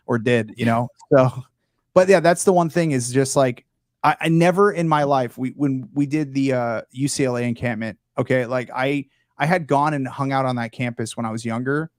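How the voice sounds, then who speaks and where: A young man of Palestinian heritage, a guest creator, talks in a casual panel chat, animated and profane. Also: medium pitch, moderate pace, no echo, clean studio sound.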